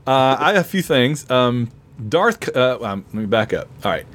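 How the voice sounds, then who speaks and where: A man co-hosting a relaxed podcast conversation, his voice worn and going hoarse. He talks like an eager fan, laughing easily and restarting his sentences as he goes. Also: medium pitch, normal speed. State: losing his voice. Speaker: podcast co-host. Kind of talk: casual chat.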